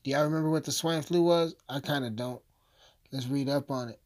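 A man's voice: medium pitch, fairly quick. Give me a man ranting with lots of swearing, rambling from one aside to the next. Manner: loud, swearing, rambling rant full of asides. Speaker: vlogger. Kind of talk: profane comedic rant.

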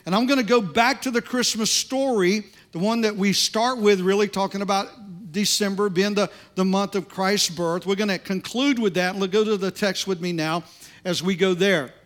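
A man preaching to his congregation, telling a funny story and reading scripture in a relaxed, conversational way with frequent restarts. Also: sits high, normal speed. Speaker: pastor. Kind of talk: sermon.

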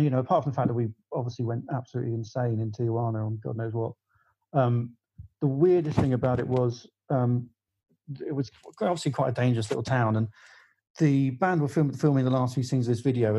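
Middle-aged male guest, music journalist, warm low-key tone, chatty rambling anecdotes. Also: a little fast, a little hiss or hum, rough recording. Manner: rambling storyteller with many fillers and restarts. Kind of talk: casual podcast anecdote.

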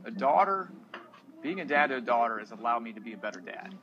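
A man's voice: medium pitch, animated, quick pace, muffled recording. A man in his thirties, a single father on a podcast, talking earnestly and emotionally to other men. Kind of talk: casual podcast talk.

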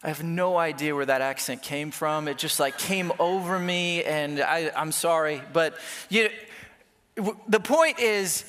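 Pastor preaching, man, unhurried delivery, reverberant church hall, chatty and self-mocking. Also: on the high side, fairly bright tone. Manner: conversational, self-deprecating, with playful quoted asides. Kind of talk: sermon.

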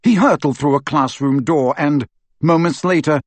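A man narrating a fantasy audiobook in an expressive storytelling manner. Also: on the high side, moderate pace, dry recording. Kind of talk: scripted narration.

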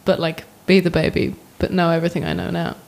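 A woman's voice: fairly low pitch, flat delivery, quick pace, creaky, a little mellow, poor audio. A young woman, a comedian guest chatting casually and riffing on jokes. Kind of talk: casual chat.

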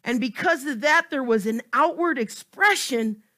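A man preaching a sermon with passion, swinging between loud emphatic cries and hushed, close asides. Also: very high-pitched, lively intonation, moderate pace.

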